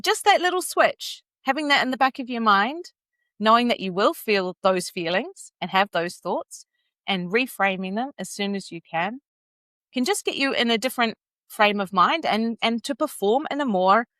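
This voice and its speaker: A woman communications and vocal coach speaking as a podcast guest, expressive and animated as she demonstrates inflection. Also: mid-range voice, unhurried, no echo. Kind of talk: podcast interview.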